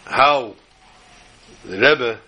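A man who teaches religion, telling a story in a sermon in an animated way. He scatters Hebrew and Yiddish terms through it. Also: mid-range voice, drawn-out words, poor audio.

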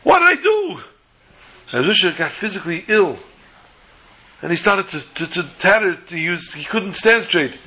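A man telling religious stories in an animated, dramatic way, repeating phrases for effect. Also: high voice, normal speed, slightly rough, low-quality recording. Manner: animated, dramatic storytelling with repetition. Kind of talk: storytelling lesson.

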